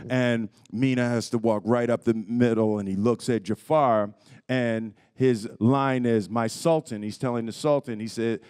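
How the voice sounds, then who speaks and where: A man with a smooth, resonant voice answers questions at a press conference, speaking into a handheld microphone. He tells stories with lively energy and breaks into laughter often. His pitch sits in an ordinary middle range. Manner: animated storyteller, laughing often. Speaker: actor on a press panel. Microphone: handheld microphone passed around.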